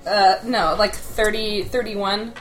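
A woman's voice: mid-range voice, fairly even intonation, slow pace, music in the background. A woman playing a tabletop game, chatty and playful, in an echoey, noisy room. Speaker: player. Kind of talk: casual tabletop chat.

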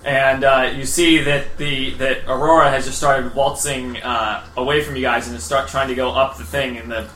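A man guiding players as game master of a tabletop game, instructive with fillers. His voice is bright and sharp. The room is roomy with faint background noise. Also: medium pitch, steady tone, normal speed, few pauses.

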